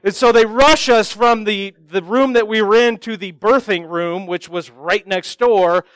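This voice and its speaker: A man giving a sermon, telling personal stories in a self-deprecating, animated way and acting out the other people's voices. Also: high voice, measured pace, smooth, no echo, rough recording.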